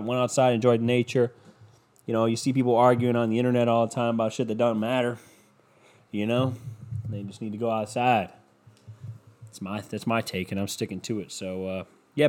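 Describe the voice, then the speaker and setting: A man talking casually at a mid-range pitch, swearing nearly every sentence as he drifts from one story to the next. He often jumps up into a high, incredulous voice when ranting, then drops back down into mumbled asides. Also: a little mellow. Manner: profane, scatterbrained storytelling with sudden high-pitched outbursts. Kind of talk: casual rambling monologue.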